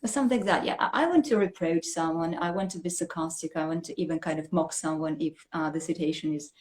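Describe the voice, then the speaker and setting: A woman English teacher, explaining language points in an animated, conversational way and often checking in with "right?". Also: low-pitched, fast talker. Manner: animated, explanatory, frequent "you know" and "right?".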